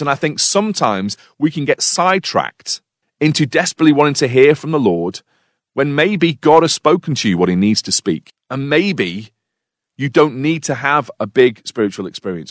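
A man's voice: medium pitch, no echo. A man from the UK preaching a sermon, telling a personal story with dry humour and then drawing reflective lessons from it.

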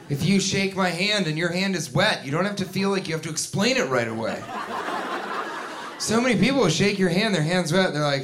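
A male comedian performs stand-up on a club stage, his voice high and lively. He swings into loud shouted character voices. The live recording carries clear audience laughter and room noise. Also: fairly quick, a crowd in the background. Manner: animated storytelling, sudden shouted voices.

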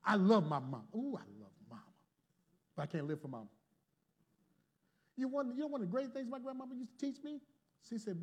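A man preaching a sermon to a congregation, calling for responses and swinging from loud to hushed. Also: very high voice, big pitch swings, brisk, pauses often, breathy edge. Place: church before a congregation.

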